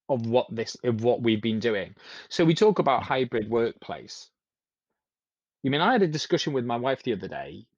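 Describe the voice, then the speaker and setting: A man on a podcast chats casually and rambles, restarting often and acting out quoted speech. His mid-range voice has no room sound, with slightly muffled lo-fi audio.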